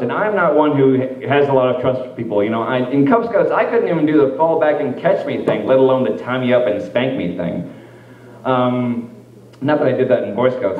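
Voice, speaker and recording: Chatty male stand-up comic in echoey room. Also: mid-range voice. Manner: loose, chatty delivery with fillers, acts out voices. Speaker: stand-up comedian. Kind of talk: stand-up comedy set. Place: small music venue stage. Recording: echoey room, far from mic, dull lo-fi.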